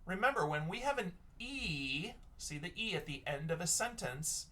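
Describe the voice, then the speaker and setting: A man's voice: high-pitched, lively intonation, moderate pace, pushed and bright. A male teacher giving a recorded reading lesson for children, patiently sounding out words letter by letter.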